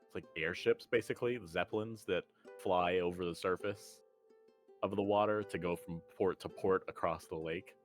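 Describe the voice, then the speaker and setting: Deep-voiced male game master, casual and rambling, faint music behind. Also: steady tone, normal speed. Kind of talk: casual tabletop game chat.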